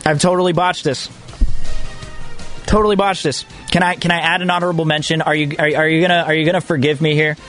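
A man hosting a solo sports talk radio show, excitable and self-mocking, often repeating himself. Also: fairly high pitch.

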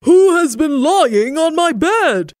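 A cross papa bear from a bedtime storybook, booming each question in a big, loud voice, as a woman narrator puts him on. The voice rises well above her usual tone and carries a slightly altered timbre. The recording is close and dry. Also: sing-song, slow, dry recording, exaggerated voice. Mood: indignant. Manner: booming cries.

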